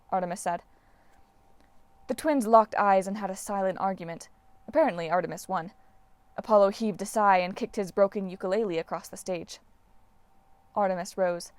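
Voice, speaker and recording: Brief: female audiobook narrator, clear and steady, dry close mic. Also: mid-range voice, fairly quick, dry recording. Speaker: audiobook reader. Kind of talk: reading a novel aloud.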